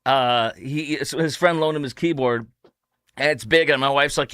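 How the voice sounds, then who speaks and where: A man's voice: mid-range voice, measured pace, fairly bright tone, clean tone, no echo. A man hosting a political commentary show, talking in a sarcastic, mocking way. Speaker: host.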